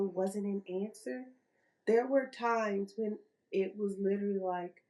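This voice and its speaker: A middle-aged woman co-hosting a casual podcast chat, animated and repeating phrases for emphasis. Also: mid-range voice, a little slow, low-quality recording. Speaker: podcast co-host.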